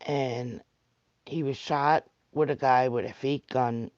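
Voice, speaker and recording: Talking slowly with fairly even intonation, a man with a mid-range, darkish voice and a heavy Staten Island New York accent chats casually on a livestream. He rambles, addresses viewers directly and answers the comments they post. There's no room sound, and the quality is lo-fi.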